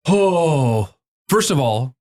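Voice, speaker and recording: A man's voice: on the high side, big pitch swings, very slow, darkish tone. A man co-hosting a comedy podcast, improvising a theatrical, exclaiming director. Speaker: podcast co-host.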